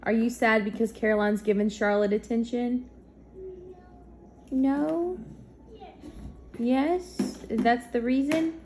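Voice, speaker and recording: A young woman filming her children at home on a phone, gently coaxing a baby to talk. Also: on the high side, fairly even intonation, slow, a little hiss or hum. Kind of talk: casual home video. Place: family home indoors. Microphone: phone camera.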